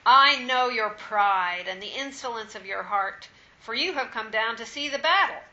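Female scripture reader, steady and measured, slightly high bright voice. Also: highs cut off. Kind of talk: reading scripture aloud.

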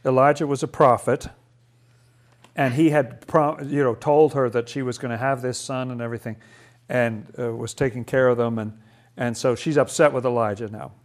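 A man's voice: mid-range voice, steady tone, moderate pace. A man teaching a Bible study in a musing, thoughtful way. He often restarts his sentences and poses rhetorical questions to the group.

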